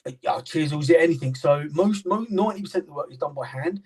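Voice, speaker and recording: A man's voice: on the high side, fast talker, a little mellow, slightly rough, recorded from a distance, rough recording. A British man in casual chat, rambling with many fillers and restarts as he explains his knife-sharpening work. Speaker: knife sharpener and maker, guest. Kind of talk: casual chat on a live stream.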